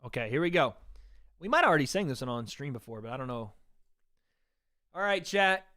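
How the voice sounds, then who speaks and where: A man's voice: mid-range voice, animated, brisk, pauses often, a bit bright, no echo, clean studio sound. A man hosting a casual livestream, chatting loosely with his viewers and reading out their donations. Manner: chatty, reads donations aloud, talks to chat. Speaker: livestream host.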